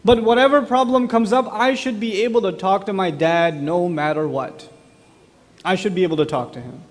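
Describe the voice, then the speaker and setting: A man giving an animated religious talk, telling stories and putting questions straight to his audience. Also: sits high, normal speed, long reverb tail. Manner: animated storyteller, addresses the audience directly with questions. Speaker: speaker at an Islamic lecture. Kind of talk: lively conversational religious talk.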